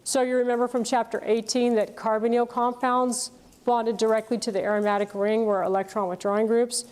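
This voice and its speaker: A woman with a fairly high voice delivers a university lecture. She explains patiently, pausing on fillers and checking that students follow along. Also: flat delivery, darkish tone. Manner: explanatory, checks in with "okay?" and "right?". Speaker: chemistry lecturer.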